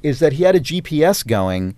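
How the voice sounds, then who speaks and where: A man's voice: fairly high pitch, sing-song, fairly quick, mellow, no echo. A man co-hosting a casual chat, telling a story in a rambling way, full of "like" and swearing. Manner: rambling, heavy use of "like," swears freely.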